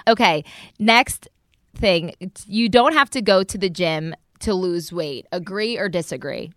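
Young jersey girl hosting a podcast, chatty and bright, kinda sharp tone, dry close sound. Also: lowish voice, animated, unhurried, no echo. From New Jersey. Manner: chatty, swears casually, trails off in restarts. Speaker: podcast host. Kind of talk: casual chat.

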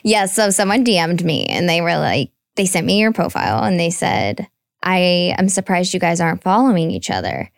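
A woman's voice: on the low side, very animated, normal speed, vocal fry, dry recording, studio quality. A young woman hosting a podcast in casual, playful chat, laughing easily. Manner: bubbly, playful, laughs often. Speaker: podcast host.

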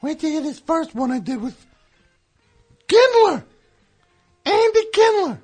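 A man's voice: very high-pitched, sing-song, a little slow, soft background music, full character voice. A man voicing a hacky, touchy male squirrel comic who tells corny jokes and grumbles, in a studio comedy bit. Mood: wisecracking. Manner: corny joke-telling, self-pitying grumbling. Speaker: recurring comedy character. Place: radio studio.

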